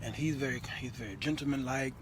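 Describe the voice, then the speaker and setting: A middle-aged man hosting a talk show, telling stories in an animated, laughing way and often repeating himself. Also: medium pitch, fast, noisy background. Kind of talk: comedic storytelling monologue.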